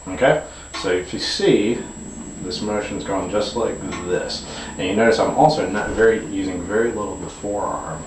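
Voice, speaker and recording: Deep-voiced man teaching from across a room. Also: moderate pace, background noise. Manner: relaxed explaining with frequent fillers and restarts. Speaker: guitar teacher. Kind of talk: demonstration lesson. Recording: echoey room, camera mic from a distance.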